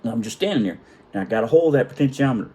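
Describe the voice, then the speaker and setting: A man's voice: medium pitch, lively intonation, very fast, mellow. A middle-aged man telling a story in a casual, profane, self-mocking way.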